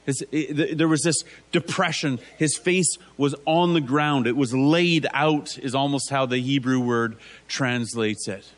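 A man's voice: mid-range voice, unhurried, few pauses. A man preaching a conversational sermon, asking rhetorical tag questions and acting out biblical figures in casual voices.

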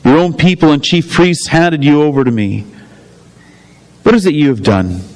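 A man's voice: on the high side, sing-song, normal speed, a little mellow, poor audio. A man reading the lines of a Roman governor questioning a prisoner in a Bible passage, lightly dramatized.

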